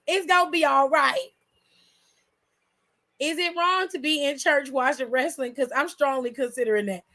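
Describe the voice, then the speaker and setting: A woman hosting her own channel, chatting loudly and bluntly with her chat and swearing freely. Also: high-pitched, lively intonation, moderate pace. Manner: loud, blunt, profane, reads chat aloud. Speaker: channel host. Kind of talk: casual livestream chat.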